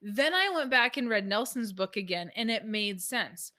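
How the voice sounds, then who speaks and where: A woman guest talking casually about money, lively, acting out her own past reactions as she goes. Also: mid-range voice, normal speed. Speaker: guest, financial author. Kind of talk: casual conversation.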